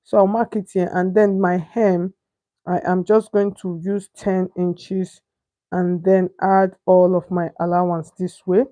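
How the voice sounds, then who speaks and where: A lowish, warm voice with flat delivery comes from a young Nigerian woman speaking unhurriedly. She instructs on sewing, cutting a pattern step by step in a chatty tutorial, pausing often to ask whether viewers can see and to search for words.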